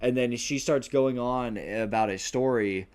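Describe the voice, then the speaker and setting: A man's voice: medium pitch, measured pace, darkish tone. A man on a podcast casually retelling a movie plot, rambling, swearing constantly and filling gaps with "uh" and "like". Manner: profanity-laced, rambling, many fillers. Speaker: podcast co-host.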